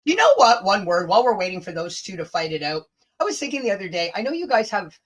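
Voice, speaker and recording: A woman co-hosting a livestream in a loose, joking way. She swears freely and jumps between topics with an easy, mid-pitched voice. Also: very animated, fast talker. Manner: chatty, swears freely, jokey. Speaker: livestream co-host. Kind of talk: casual livestream chat.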